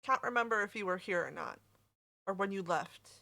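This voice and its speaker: Bright-voiced woman streamer chatting. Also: mid-range voice, fairly quick, gravelly. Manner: chatty, swears freely, talks to chat. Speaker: game streamer. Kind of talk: casual live-stream chat.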